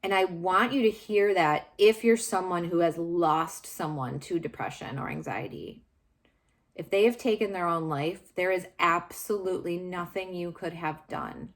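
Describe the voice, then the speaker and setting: A woman with a notably low voice speaks straight to camera in a candid, confessional way. She searches for her words, circles back and restarts often. It sounds unscripted and personal. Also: moderate pace. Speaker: vlogger sharing personal story.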